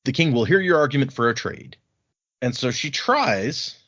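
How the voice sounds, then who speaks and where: A man's voice: medium pitch, expressive, normal speed, a bit bright, breathy edge. A man casually recapping a book chapter on a podcast, rambling with many restarts. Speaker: podcast co-host. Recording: slightly lo-fi podcast audio.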